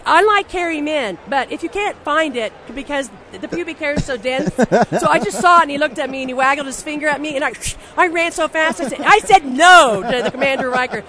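A woman guest in an interview, telling blunt, animated stories in a casual way with frequent restarts and some swearing. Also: high-pitched, brisk, few pauses. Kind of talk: casual anecdotal storytelling.

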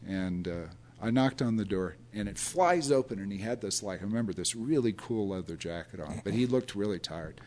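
Older guy spinning loose film-set stories, kinda low voice, acts out quotes, laughs a lot. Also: fairly quick, few pauses. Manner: rambling, animated storyteller who acts out quotes and laughs often. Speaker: film historian guest. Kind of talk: casual anecdotal storytelling.

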